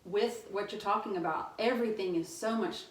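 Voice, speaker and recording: A woman's voice: medium pitch, normal speed. A woman in her thirties, a podcast guest, telling stories in a chatty way and laughing often. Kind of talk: casual podcast chat. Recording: roomy sound, mic at a distance.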